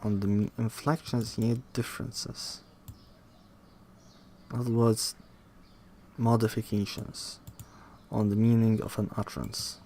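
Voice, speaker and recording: A man reading a linguistics textbook aloud, halting and restarting, with muttered asides to himself. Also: fairly low pitch, level tone, mellow, a little hiss or hum. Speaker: reader studying a textbook.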